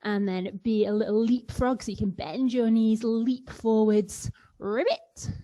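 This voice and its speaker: This woman leads children through a playful yoga session as a kids yoga teacher, now and then making animal sounds. Her voice is mid-range and mellow, with a steady tone and a moderate pace.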